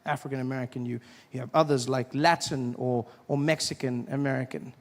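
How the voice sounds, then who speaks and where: A man performing a stand-up comedy set in a live venue, playful and acting out characters with sudden shouted outbursts. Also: mid-range voice, steady tone, a little fast. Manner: playful, acts out characters with loud shouted bits.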